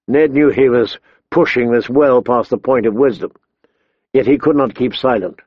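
Slow, measured male audiobook narrator. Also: mid-range voice, no echo, highs cut off. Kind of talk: scripted narration.

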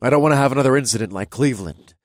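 A short-tempered male cultist growls his complaints loudly, voiced by a man. The voice is husky and clipped with irritation. It is an audiobook figure. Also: medium pitch, rapid-fire, no echo, clean studio sound, pitched above the performer's own voice, natural voice. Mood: growling. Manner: growling, exasperated.

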